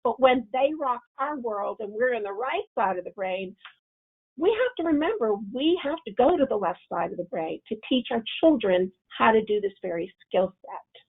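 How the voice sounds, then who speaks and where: A woman with a slightly high, gravelly voice gives a parenting webinar, sometimes acting out angry self-talk before calmly explaining the steps. The sound is thin and tinny, like a phone line, as if heard over a video call. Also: moderate pace. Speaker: webinar presenter. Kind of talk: webinar presentation.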